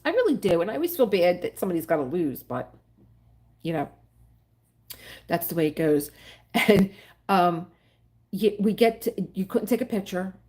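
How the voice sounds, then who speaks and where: Chatty rambling woman, lowish voice. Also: darkish tone. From Philadelphia area. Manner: rambling, chatty, emotional about animals. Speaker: livestream host. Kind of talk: casual chat with live viewers.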